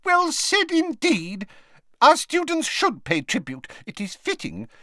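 A man voicing a tiny, excitable old wizard professor with a squeaky, eager manner. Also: takes it slowly, dry recording, clean studio sound, exaggerated voice.

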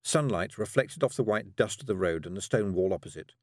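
A man reading a fantasy novel aloud as an audiobook narrator, measured and drily humorous. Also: on the low side, animated, dry recording, clean studio sound.

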